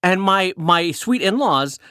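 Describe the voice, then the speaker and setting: High lively man in casual podcast chat. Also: slow pace, clean tone, no room sound, clean studio sound. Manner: joking, self-mocking, animated. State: in pain from a thrown-out back. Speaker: podcast co-host. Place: small podcasting closet at home.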